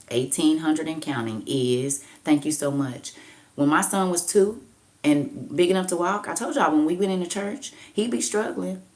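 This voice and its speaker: A woman in her fifties hosting a casual livestream, reading out comments and preaching firm advice with emphatic repetition. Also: sits low. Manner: emphatic, preachy, repeats "I'm trying to tell you".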